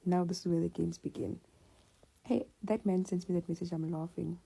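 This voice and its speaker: Woman, low mellow voice, raspy, chatty slangy storytelling. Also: normal speed. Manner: slangy, conversational, animated retelling. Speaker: storyteller sharing a personal story. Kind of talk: casual personal storytelling.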